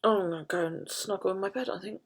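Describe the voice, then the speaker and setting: A woman's voice: medium pitch, fast, breathy edge. A middle-aged woman chatting casually on a live stream, telling stories and swearing freely. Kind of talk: casual chat while journaling.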